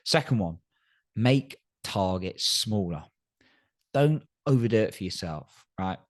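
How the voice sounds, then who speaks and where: A man's voice: fairly low pitch, expressive, slow. A man hosting a solo podcast, giving earnest coaching advice and often checking in with "right?". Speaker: podcast host. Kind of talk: solo motivational podcast talk.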